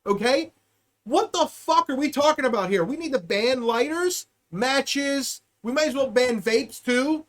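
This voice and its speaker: A young adult podcast host rants on a live stream, sarcastic and profane, swinging between loud outbursts and mutters. His voice sits high and he speaks at a measured pace.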